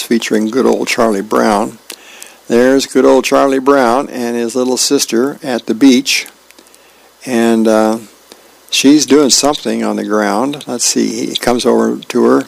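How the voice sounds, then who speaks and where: Volunteer radio reader, man, creaky voice, relaxed delivery, mid pitch. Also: no echo, rough recording. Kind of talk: reading comic strips aloud.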